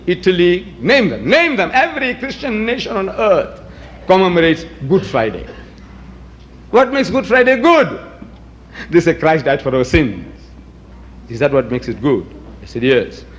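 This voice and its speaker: Brief: older man, emphatic debater with a fairly high voice who mocks opposing arguments. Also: a little hiss or hum. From South Africa. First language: Gujarati. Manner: combative, rhetorical, mimics opponents, emphatic. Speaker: lecturer. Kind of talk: public debate lecture.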